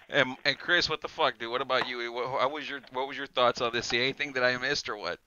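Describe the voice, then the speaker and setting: A man's voice: medium pitch, brisk, sharp tone, clear, resonant tone, muffled recording. A man hosting a podcast in casual chat, rambling, swearing and laughing often. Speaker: podcast host.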